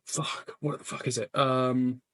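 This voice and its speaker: A man's voice: mid-range voice, little pitch movement, a little slow, fairly bright tone, no room sound. A man streaming his reaction to a debate, sarcastic and mocking, swearing often in casual commentary.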